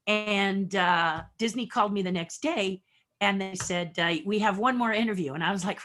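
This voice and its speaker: A middle-aged woman guest telling career stories, acting out each person in a conversation. Her pitch swings widely as she plays out the dialogue. She sounds expressive and energetic throughout. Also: moderate pace. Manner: animated storyteller acting out dialogue. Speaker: podcast guest. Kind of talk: storytelling interview.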